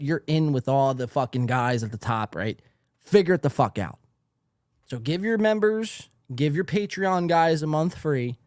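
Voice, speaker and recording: A podcast host rants into a studio mic in a profane, mock-outraged monologue. His voice is a little high, with no room sound.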